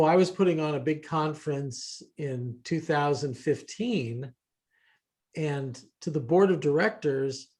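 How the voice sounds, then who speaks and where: A man's voice: fairly high pitch, darkish tone. A man hosting a casual roundtable, telling rambling anecdotes with hesitant restarts. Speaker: host.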